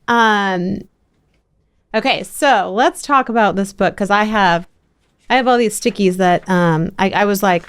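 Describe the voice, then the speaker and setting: A middle-aged woman hosting a podcast, telling a story in lively, animated bursts full of restarts. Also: mid-range voice, a little slow, clean tone. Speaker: podcast host. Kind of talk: casual interview chat.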